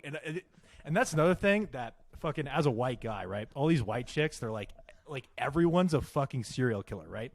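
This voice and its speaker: A man's voice: mid-range voice, a little fast, no echo, clean studio sound. A young man telling a story on a casual podcast, swearing often and growing exasperated as he goes on. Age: young adult. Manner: animated, swearing, exasperated ranting. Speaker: podcast co-host.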